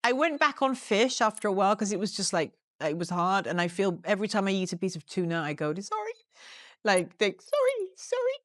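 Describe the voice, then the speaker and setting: A woman in her fifties, a guest actor in a casual interview, telling lively stories, swearing freely and acting out what people said. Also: medium pitch, quick pace, few pauses, no room sound, studio quality. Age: 50s. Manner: animated storyteller, swears freely, acts out quotes. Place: live event at a house.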